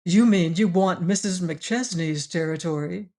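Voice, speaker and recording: A woman's voice: fairly low pitch, a little slow. A woman voicing a curt young boss. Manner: dry, curt, quiet. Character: young male firm heir, curt and cool. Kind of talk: audiobook character reading.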